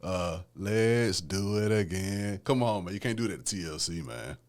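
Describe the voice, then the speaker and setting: Here a solo podcast host talks music in a low voice with lively intonation, moving at a moderate pace. He keeps it casual and chatty, regularly adding "man" and "you know what I'm saying."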